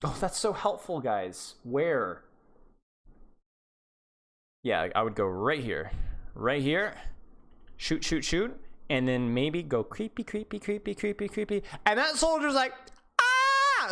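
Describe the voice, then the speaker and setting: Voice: medium pitch, big pitch swings, measured pace, fairly bright tone. A game coach reviewing a player's match live on stream, blunt and sarcastic, often repeating words while thinking aloud.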